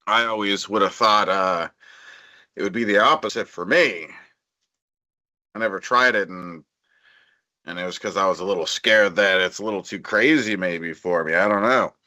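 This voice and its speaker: A man's voice: on the low side, moderate pace, pauses often, sharp tone, dry recording, studio quality. A man rambling on a livestream, drowsy and meandering, trailing off while drinking beer. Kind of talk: rambling stream chat.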